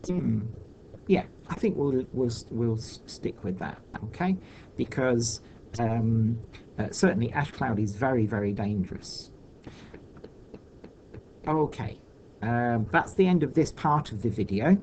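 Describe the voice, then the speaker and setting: Male teacher, slow deliberate delivery, faint background hiss, patient and thinking aloud. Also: medium pitch, expressive, creaky, darkish tone, low-quality recording. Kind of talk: recorded online lesson for children.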